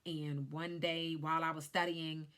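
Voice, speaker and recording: A woman's voice: low voice, level tone, measured pace, a bit bright. A woman who works as a life insurance agent, casually telling viewers her personal story in a chatty vlog. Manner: chatty, speaks straight to viewers.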